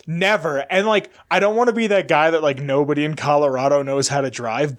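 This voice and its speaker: A young man co-hosting a podcast, chatting casually and telling a story with lively energy and plenty of swearing. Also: on the high side. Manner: animated storytelling, swears freely. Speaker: podcast co-host. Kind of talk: casual chat.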